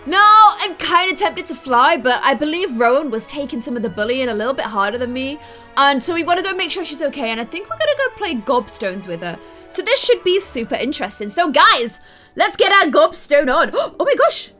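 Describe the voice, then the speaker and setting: A woman's voice: sits high, sing-song, a little fast, sharp tone, soft background music. A young Irish woman giving bubbly, chatty let's-play commentary as a gaming host. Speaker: gaming YouTuber.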